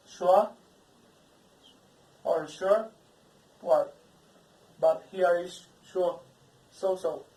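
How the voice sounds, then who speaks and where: Brief: Spanish-speaking Colombian woman as pronunciation teacher, very slow and measured, slightly low voice, recorded far from the mic in an echoey room. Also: dark tone. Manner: drills word lists, stressing each example word. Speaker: English phonetics teacher. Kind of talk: pronunciation lesson.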